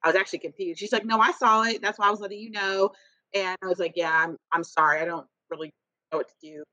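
Woman podcast co-host, bright and forceful, blunt animated storyteller, dry muffled sound. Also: mid-range voice, fast talker, dry recording. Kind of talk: casual chat.

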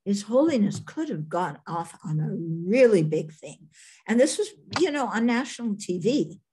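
A woman from the United States, a Buddhist nun, telling a story in a Q&A talk, thoughtful and halting with many restarts. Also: mid-range voice, very animated, mellow, a little hiss or hum.

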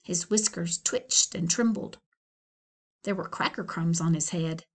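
Expressive unhurried librarian reading aloud. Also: female voice, mid-range voice, husky. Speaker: school librarian. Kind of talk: children's book read-aloud.

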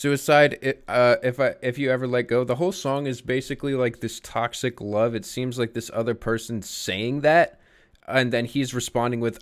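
A young man streaming casual music reaction commentary, profane and incredulous, often breaking into loud outbursts. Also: medium pitch. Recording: song playing faintly behind.

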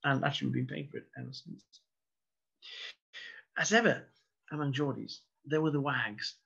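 A man lecturing on history, measured and wry, with a gravelly, husky voice. The sound is dull and lo-fi, as from a modest online broadcast. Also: mid-range voice. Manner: measured, storytelling, wry asides. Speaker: local historian giving a talk. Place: indoors, online broadcast talk. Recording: dull lo-fi recording.

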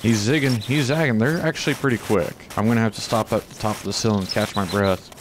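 A man's voice: on the low side, fast, background noise. A man casually commenting on his own gameplay as he hunts, chatting to the animals on screen and using mild exclamations. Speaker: gaming channel host.

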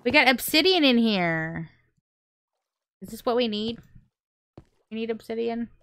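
A woman hosting a gaming channel, chatting casually and excitably through gameplay, often squealing and laughing. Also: fairly high pitch, unhurried, no room sound.

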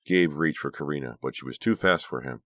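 A man narrating an audiobook in a steady, dramatic reading voice. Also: a bass voice, fairly quick, no room sound, studio quality. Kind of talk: scripted narration.

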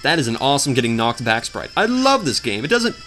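A man's voice: medium pitch, big pitch swings, fast talker, bright, forceful tone, faint music behind. A man giving crude, mocking commentary while playing a video game, humming the theme and trying out funny voices. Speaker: let's player. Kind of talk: casual gameplay commentary.

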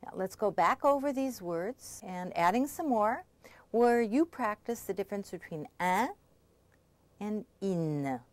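A woman's voice: mid-range voice, animated, moderate pace, no echo. Patient woman teaching pronunciation. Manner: patient, clear explaining with frequent check-ins. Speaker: language instructor. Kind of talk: scripted pronunciation lesson.

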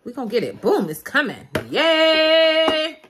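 Young woman, chatty vlogger; very lively pitch, noisy street and car background. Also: unhurried. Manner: chatty, animated, laughs often, talks to viewers as "y'all". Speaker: beauty vlogger. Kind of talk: casual vlog chat. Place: in a car, then outdoors at night in the cold.

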